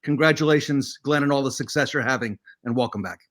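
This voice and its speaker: A man's voice: mid-range voice, fast, fairly bright tone. A man hosting an event, introducing and welcoming his guest with some filler words. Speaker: host.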